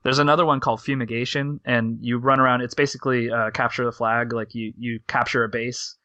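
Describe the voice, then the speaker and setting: A man's voice: mid-range voice, level tone, a little fast, pushed and bright, no echo, lo-fi sound. A man co-hosting a podcast, talking in a rambling casual way with lots of fillers. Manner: rambling, filler-heavy, laughs easily. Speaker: podcast co-host. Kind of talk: casual chat.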